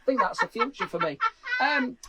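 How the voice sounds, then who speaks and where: A man in a garden shed, hosting a live comedy stream with animated, jokey chat. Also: very high voice, moderate pace, vocal fry, crowd noise. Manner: animated, jokey, bursts into shouts and laughter. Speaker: comedian host.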